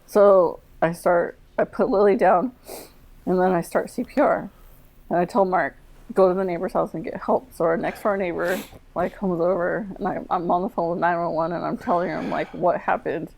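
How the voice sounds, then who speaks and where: A woman with a low, gravelly voice tells her story in an interview. She talks candidly and in long run-on stretches, full of "like" and quoted back-and-forth. She sounds like a veteran speaking plainly. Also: fairly even intonation, moderate pace, darkish tone, rough recording. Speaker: guest, Air Force medic veteran.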